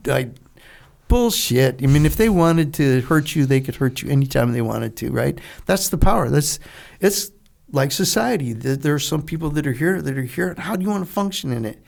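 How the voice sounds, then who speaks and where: An older man, a former Navy SEAL on as a guest, tells rambling stories in a gravelly, somewhat high voice with a darkish tone. He laughs often and acts out the voices of people he quotes, all in a casual storytelling interview.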